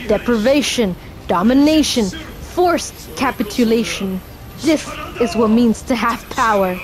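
A man's voice: very high-pitched, a little slow, rough recording. An actor playing a ruthless middle-aged male fighter in a video game cutscene, cold, menacing and contemptuous.

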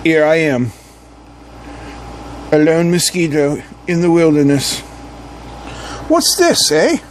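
A man's voice: on the high side, sing-song, slow, a little hiss or hum. A man putting on a pompous mock-British mosquito. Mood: curious. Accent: put-on British. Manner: theatrical, mock-genteel exclamations.

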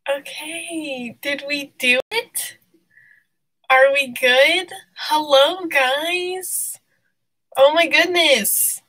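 A young woman hosting a casual live stream, bubbly and excitable, out of breath and laughing often. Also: high voice, drawn-out words, rough recording.

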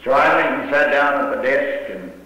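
An older man preaching, retelling a story slowly and dramatically with quoted dialogue. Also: mid-range voice, lively intonation, pushed and bright. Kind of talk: sermon storytelling. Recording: echoey hall with long reverb.

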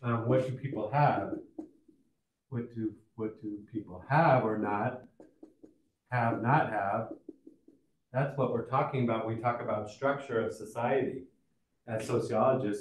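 A man lecturing on sociology in a relaxed, conversational way, with frequent fillers and restarts. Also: medium pitch. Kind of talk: recorded college lecture. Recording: echoey room, mic at a distance.

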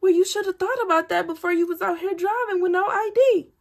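A woman voicing a stern, dismissive police officer who scolds in a flat, matter-of-fact way. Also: very high voice, quick pace, pitched above the performer's own voice. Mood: scolding.

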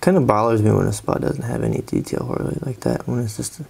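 Sleepy gravelly man rambling casually. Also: medium pitch, fast talker, darkish tone, slight background noise. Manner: rambling, drowsy, lots of fillers and trailing thoughts. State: sleepy, yawning. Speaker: artist doing doodle commentary. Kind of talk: casual rambling commentary while drawing.

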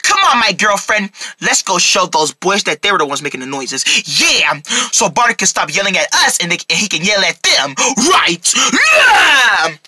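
A man performing a comedy skit, voicing excitable characters who burst into shouts. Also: sits high, normal speed.

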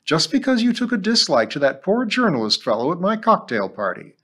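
As a man putting on a woman's voice, give a firm, bossy middle-aged lady, raised in pitch, brisk and no-nonsense in a read-aloud storybook. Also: big pitch swings, pushed and bright, heavily acted. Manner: firm, stern, bossy and cheerful.

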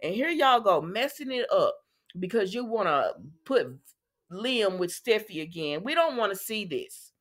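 A woman hosting a soap opera recap, retelling scenes in a chatty, animated way with asides to her viewers. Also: medium pitch, a little slow. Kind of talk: casual chat.

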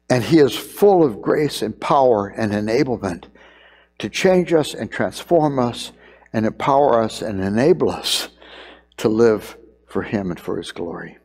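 A man's voice: medium pitch, a little mellow. Earnest preacher man in a reverberant hall. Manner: earnest, building to emphatic repeated phrases. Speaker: pastor. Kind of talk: sermon. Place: church sanctuary.

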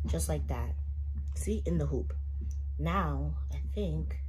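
A woman's voice: low-pitched, animated, slow pace, long pauses, background noise. A young woman vlogging casually at home as she does her hair, chatting to her viewers in a slangy, direct way while filming on a propped-up phone. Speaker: beauty vlogger. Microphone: phone propped up nearby.

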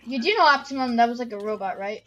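A woman's voice: on the high side, fast, dull audio. A woman chatting casually while playing a game, playful and silly, joking with a friend. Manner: playful, silly, breaks into song. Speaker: gamer. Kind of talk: casual gaming chat.

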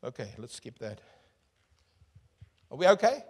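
A man preaching a sermon as pastor, swinging from booming calls to hushed asides and asking the crowd questions. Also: very animated, unhurried, husky. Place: church hall. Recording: echoey church hall.

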